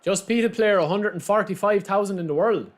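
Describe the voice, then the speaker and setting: A young Irish game streamer commentates live on his football video game and chats with viewers, animated and talkative as he reacts to both the play and his audience. He has a high voice and speaks fairly quickly.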